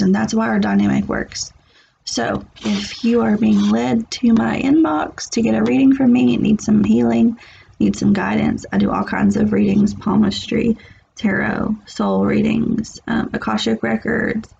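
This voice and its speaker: A woman's voice: mid-range voice, creaky, a little mellow, a little hiss or hum. A woman giving a casual tarot reading, blunt and rambling, often restarting and laughing. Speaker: tarot reader. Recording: muffled lo-fi recording.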